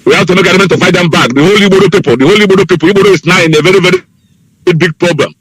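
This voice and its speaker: A man's voice: high voice, rapid-fire, fairly bright tone, husky. A man calling into a radio show, pleading fervently and repeating his appeals over a phone line. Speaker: caller. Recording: dry phone call.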